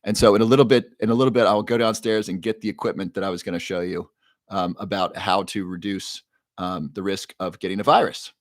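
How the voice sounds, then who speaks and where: 잔향 없이 건조하게 녹음된 남성 라이브 방송 진행자, 채팅창의 이름과 질문을 읽으며 편하게 이야기함. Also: male voice, sits low, steady tone, fast, no room sound, studio quality. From Ohio. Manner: reads viewer names and questions from chat aloud. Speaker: livestream host. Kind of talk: casual live-stream chat.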